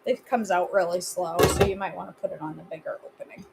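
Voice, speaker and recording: A woman's voice: on the low side, quick pace, creaky, heavy background noise. A woman hosting a live cooking class from her home kitchen, chatting casually and answering viewer comments as she cooks.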